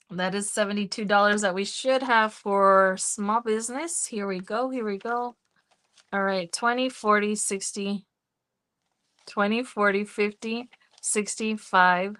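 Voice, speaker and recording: Slow-talking woman hosting a budget livestream. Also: medium pitch, a bit bright. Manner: chatty and easygoing, counts cash aloud. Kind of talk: casual live-stream chat.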